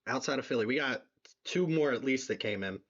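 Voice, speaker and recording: Philly-male stream host, excitable, repeats lines, slightly muffled audio. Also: mid-range voice, fairly quick. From southeastern Pennsylvania. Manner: excitable, repeats himself, reads donations aloud. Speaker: livestream fundraiser host. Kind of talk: live stream chat.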